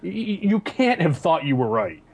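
Higher-voiced guy joking around, acting stuff out. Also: big pitch swings, normal speed, creaky, a little mellow, breathy edge. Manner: joking, acts out scenes. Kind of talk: casual chat.

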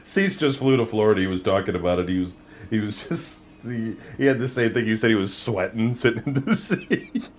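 A man in casual podcast chat, wry and quick to laugh. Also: fairly low pitch, animated.

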